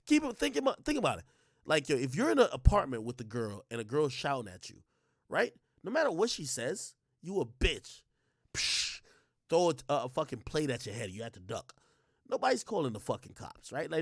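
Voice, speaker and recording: Male streamer host: high voice, heated profane rant, lots of filler words, dry close sound. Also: no room sound. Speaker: livestream host. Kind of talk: ranting livestream commentary.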